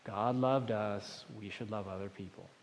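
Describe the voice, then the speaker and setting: A man's voice: on the low side, normal speed, a little hiss or hum. Man preaching in a reverberant hall. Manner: animated preaching, swings from loud emphasis to quiet asides. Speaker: pastor. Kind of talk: sermon.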